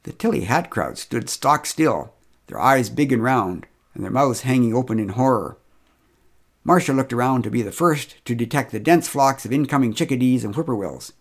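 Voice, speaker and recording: A man's voice: medium pitch, animated, normal speed. A middle-aged man telling a humorous first-person story with wry, dry humor.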